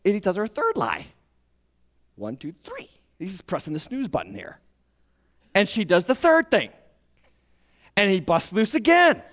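A man preaching a sermon, animated and jokey, acting out voices and alarm-clock beeps. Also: high voice, normal speed, pauses often. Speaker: pastor.

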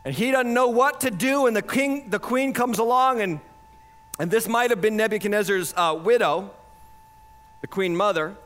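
A man preaching with a high-pitched voice. He is animated, rising to loud points and falling to hushed lines, and slips into mocking quoted voices to make his point. It sounds like a pastor in full flow of a sermon. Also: normal speed. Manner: acts out quoted voices for effect.

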